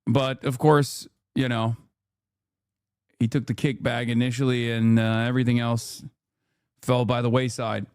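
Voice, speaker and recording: A man's voice: mid-range voice, flat delivery, unhurried, pauses often, darkish tone, smooth, dry recording, studio quality. A man hosting a live stream, giving heated, mocking political commentary with lots of cursing and filler words. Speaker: streamer host reacting to clips. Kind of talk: profane political reaction commentary.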